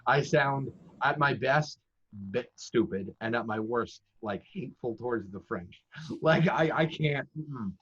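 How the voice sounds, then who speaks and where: A man's voice: mid-range voice, lively intonation, measured pace, fairly bright tone, breathy edge. A man who works as a professional dungeon master, giving casual, chatty, self-deprecating advice in conversation. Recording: dull lo-fi audio.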